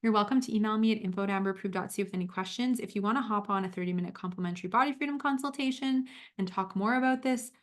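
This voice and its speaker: A woman health coach talking warmly to her viewers on a livestream, moving from a program pitch into a guided visualization. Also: racing. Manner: upbeat and encouraging.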